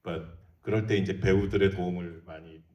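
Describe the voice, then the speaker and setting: A middle-aged man with a Korean accent answering questions at a film Q&A, switching between Korean and English, with laughs and halting restarts. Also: sits low, fairly even intonation, lo-fi sound. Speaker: film director. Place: large theater hall. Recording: echoey hall, from far off.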